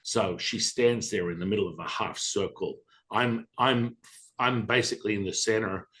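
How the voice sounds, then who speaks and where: Blunt, profane male podcast guest, low voice. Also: normal speed. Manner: blunt and profane, animated retelling. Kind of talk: storytelling in conversation.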